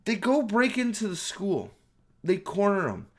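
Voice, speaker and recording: A man's voice: sits high, big pitch swings, unhurried. A man giving a profane, exasperated movie review at home, ranting with many restarts and repeated words.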